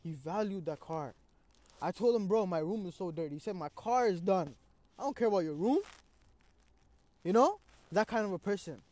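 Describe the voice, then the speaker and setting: A young man tells a personal story in casual conversation, his voice sitting high for a man. He talks with loose street slang, drops "bro" again and again, and acts out his own reactions as he goes. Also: animated, moderate pace, pauses often, darkish tone, no echo.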